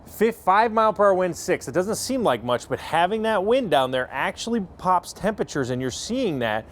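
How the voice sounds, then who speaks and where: A man's voice: high voice, sing-song. A man giving a TV weather forecast in a chatty, upbeat way. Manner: chatty, upbeat, quick bursts. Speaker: meteorologist.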